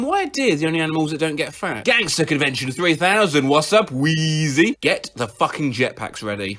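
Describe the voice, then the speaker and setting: Animated bright-voiced man with loud outbursts. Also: a little high. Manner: animated, jumps between loud outbursts and dry mumbles. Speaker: comedy podcast host. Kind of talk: comic sketch and reading out funny quotes.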